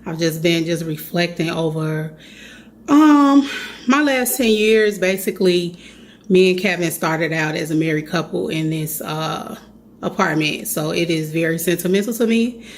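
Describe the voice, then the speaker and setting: A woman's voice: fairly low pitch, normal speed. A woman in her thirties with a Chicago accent, chatting earnestly to her viewers in a casual vlog. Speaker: vlogger.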